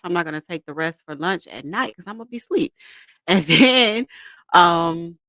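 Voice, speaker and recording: A woman's voice: sits low, a bit bright, smooth, no echo. A woman in her thirties hosting a casual livestream, greeting viewers by name and laughing often as she chats. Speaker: livestream host.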